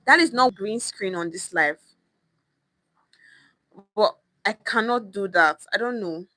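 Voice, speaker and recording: A Nigerian woman, an online language teacher, speaks slowly at medium pitch with a sharp tone, in a dry, low-quality recording from a phone or webcam. Giving a casual livestream lesson on pidgin, she speaks emphatically and often repeats her phrases.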